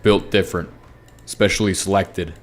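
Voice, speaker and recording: A man's voice: low-pitched, fairly even intonation, moderate pace. A sleep-deprived man rambling goofily and mocking himself while commenting on a game. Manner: goofy, rambling, self-mocking. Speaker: Minecraft gaming YouTuber. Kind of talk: rambling casual commentary over gameplay.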